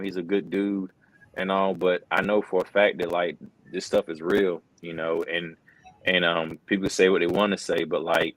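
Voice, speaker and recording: Middle-aged male interview guest, very deep voice, earnest and casual, lots of "bro". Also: a bit bright, no echo, low-quality recording. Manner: earnest, says "bro" and "man" a lot, many restarts. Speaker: wrestling commentator, interview guest. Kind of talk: casual conversational storytelling.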